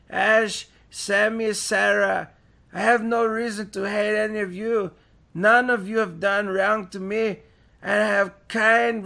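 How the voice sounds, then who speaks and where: A man's voice: sits high, vocal fry, full character voice. A man putting on a furious scolding forum ranter. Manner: loud, exasperated scolding in a put-on accent. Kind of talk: dramatic reading of a forum post.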